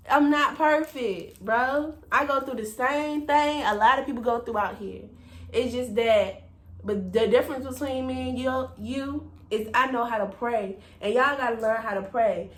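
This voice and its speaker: A woman's voice: a little high, fairly bright tone, echoey room. A woman giving a personal faith testimony to her viewers in an emphatic, preachy way, repeating phrases and calling out to them as y'all. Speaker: faith vlogger.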